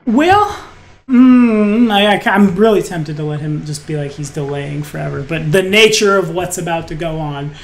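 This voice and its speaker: A man's voice: on the high side, normal speed, gravelly. Wry rambling man running a tabletop game. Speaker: game master.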